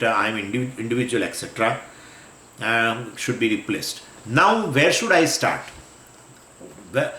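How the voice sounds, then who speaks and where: A man teaching a scriptural lecture on Vedanta, explaining patiently, repeating phrases and pausing with fillers and restarts. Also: mid-range voice, pushed and bright, echoey room.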